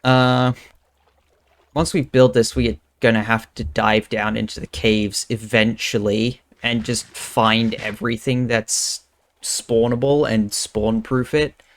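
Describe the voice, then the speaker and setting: Young male streamer, relaxed slow pace, mid-range voice, casual muttering commentary. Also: mid-range voice. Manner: thinking aloud, muttering counts under his breath.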